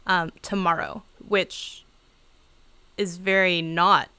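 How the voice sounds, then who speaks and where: A woman's voice: fairly low pitch, steady tone, takes it slowly, sharp tone, clear, resonant tone. A woman chatting casually on a livestream, giving channel advice in a bubbly, talkative way and laughing often. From Seattle area.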